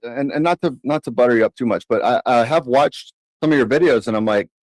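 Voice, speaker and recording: A man's voice: medium pitch, quick pace, dry recording, poor audio. A man calling in to a show, talking casually in a rambling, hesitant way with many fillers. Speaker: caller. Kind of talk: casual chat.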